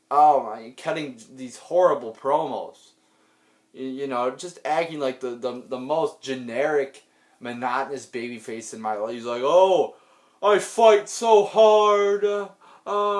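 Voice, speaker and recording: A man ranting angrily into the camera about wrestling, exasperated and sighing, swearing often and leaning on "you know" fillers and restarts. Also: mid-range voice. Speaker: wrestling commentary vlogger. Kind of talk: angry unscripted rant.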